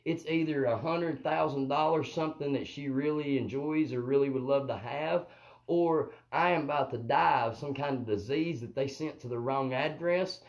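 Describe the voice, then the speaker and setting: A comedian hosting a live stream rambles through a profane comic monologue, constantly checking in with viewers by asking "you know what I mean." His voice is mid-range at a moderate pace, and the phone or webcam recording sounds rough.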